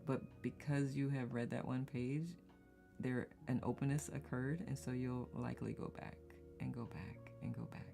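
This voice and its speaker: A woman's voice: a bass voice, steady tone, normal speed, vocal fry, over music. A woman hosting a casual live-stream circle, chatting, reading viewer comments aloud and laughing often in rambling asides. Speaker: host of a live community circle.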